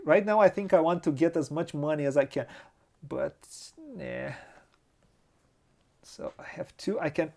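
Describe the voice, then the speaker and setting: Host of a tabletop playthrough: a man with a Romanian accent who speaks at a very unhurried pace and mutters his moves aloud. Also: on the high side, dark tone, lo-fi sound. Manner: slow, hesitant, muttering to himself, laughs often. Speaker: board game channel host. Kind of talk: thinking aloud during a board game playthrough.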